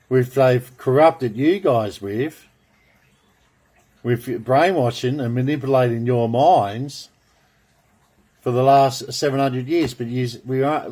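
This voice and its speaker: Man, slow drawl, grandiose, repetitive rambling monologue. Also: medium pitch, a little mellow. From Australia. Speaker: video blogger. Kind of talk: rambling monologue, drawing cards.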